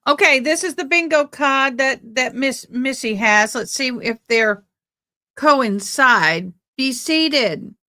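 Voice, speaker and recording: Chatty woman host of a live stream, slow and unhurried, talks back to the comments. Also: high voice, pushed and bright. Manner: chatty, reads out viewer comments. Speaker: livestream host covering a trial. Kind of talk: casual live chat.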